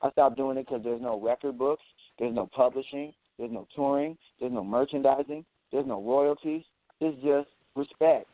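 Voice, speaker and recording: A man talking as an interview guest, boastful and animated, who often repeats words as he goes. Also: medium pitch, moderate pace, no echo. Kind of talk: casual interview talk. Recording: tinny phone-like audio.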